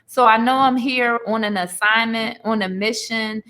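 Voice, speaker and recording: A woman in her forties speaks as an interview guest, telling her life story with earnest emotion and talk of faith. Her voice is bright and forceful, sitting a little high. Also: steady tone, normal speed. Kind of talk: candid personal testimony.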